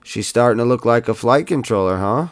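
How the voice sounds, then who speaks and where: A man's voice: mid-range voice, animated, brisk. A man hosting a casual drone-building tutorial, chatting to viewers and muttering to himself as he solders.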